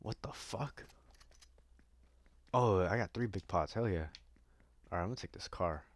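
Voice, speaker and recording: A man's voice: sits low, normal speed, dry recording. A man giving casual gameplay commentary, rambling and joking crudely with a lot of swearing. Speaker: gaming streamer.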